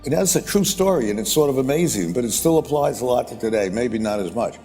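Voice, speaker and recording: Older guy telling a business story on stage, swears a lot, kinda rambly, low soft voice, echoey hall. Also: animated, fast talker, faint music behind. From United States. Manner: rambling, blunt and profane, with repeated "boom, boom, boom". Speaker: investor speaking at a conference. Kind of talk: anecdotal storytelling. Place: conference stage.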